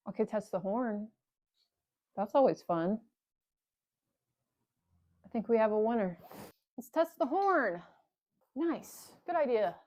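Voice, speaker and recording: A mid-range, slightly mellow female voice with no room sound. She's a motorcycle vlogger chatting casually to the camera as she works on a bike in a cold garage, her hands cold, muttering, swearing and making sarcastic jokes to herself.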